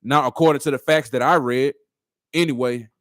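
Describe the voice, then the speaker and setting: A man's voice: mid-range voice, fairly even intonation, fairly quick, no echo, clean studio sound. A man doing reaction commentary on a video clip, arguing through a string of rhetorical questions.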